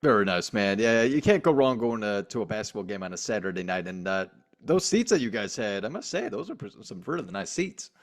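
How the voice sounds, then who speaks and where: Fairly low and brisk, this man co-hosts a sports podcast, chatting casually with plenty of energy. He's emphatic and laughs often.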